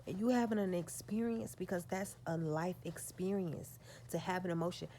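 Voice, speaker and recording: A woman's voice: mid-range voice, normal speed, darkish tone. A woman vlogger telling a story straight to her viewers, profane and emphatic.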